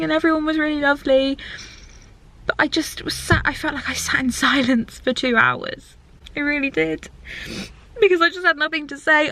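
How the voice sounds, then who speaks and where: A young woman vlogging to a handheld camera, crying and talking in halting, broken phrases. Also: high voice, bright, forceful tone. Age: young adult. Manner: halting, tearful, trailing off. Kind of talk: confessional vlog talk.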